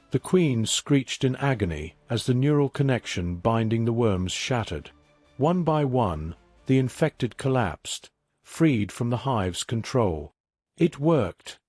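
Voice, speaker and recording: A man giving a scripted story narration in a measured, even reading. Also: medium pitch, dry recording.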